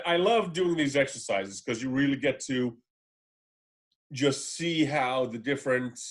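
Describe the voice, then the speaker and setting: Man, podcast co-host, rambling casual opinions, mid-pitched voice. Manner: rambling, full of fillers and restarts. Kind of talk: casual podcast chat about films.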